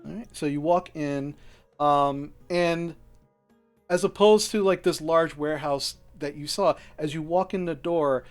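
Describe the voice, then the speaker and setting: A man's voice: on the high side, a little slow, faint music behind. Rambling male game master. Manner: casual, rambling, many fillers and restarts. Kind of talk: narrating a tabletop game.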